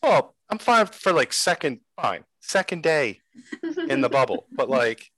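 A man's voice: mid-range voice, big pitch swings, a little slow, a bit bright, no echo. A man co-hosting a casual chat, opinionated but hesitant, with lots of fillers. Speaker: podcast co-host.

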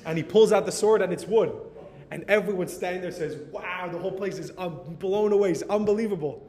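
An American man telling a story in a sermon as a Torah teacher, animated and dropping in Hebrew and Yiddish words. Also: a little fast. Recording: reverberant hall with faint rumble.

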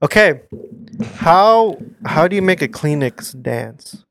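A man's voice: on the high side, slow pace, creaky. Laid-back man in casual podcast banter. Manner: relaxed, repeats himself, laughs easily. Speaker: podcast co-host. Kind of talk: casual chat, running a joke game.

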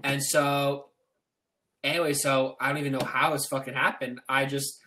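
A man's voice: medium pitch, level tone, normal speed, sharp tone, slight background noise. A man chatting as a podcast guest, telling rambling stories that are full of restarts and laughter. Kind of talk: casual chat.

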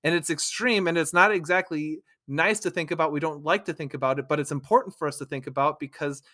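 A man's voice: a little high, fast talker, bright, forceful tone. A man reading scripture aloud and then explaining it in a conversational teaching style, often checking in with "right?". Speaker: Bible teacher.

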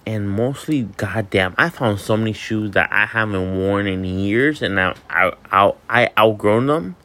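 Yawning and sleepy, this twenty-something vlogger from Miami, Florida, talks a little slowly in a low-leaning voice that comes across pushed and bright. His casual monologue is rambling and candid, full of fillers and unrestrained cursing.

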